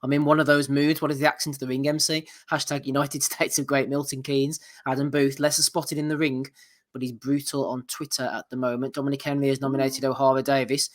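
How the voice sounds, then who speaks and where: A man's voice: medium pitch, level tone, a little fast. A man hosting a podcast, reading out listener nominations in casual chat and laughing often.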